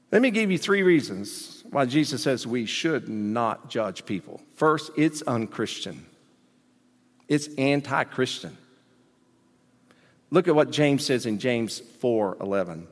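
A male pastor delivers a sermon in an animated, emphatic voice with a slightly high pitch that rises and falls widely. He throws in folksy asides and questions to the congregation. A long reverb from the church hall trails behind his words.

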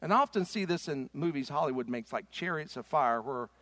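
A man pastor preaching a sermon, rising to loud, forceful stretches and dropping to soft, slow ones. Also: a little high, expressive, no echo.

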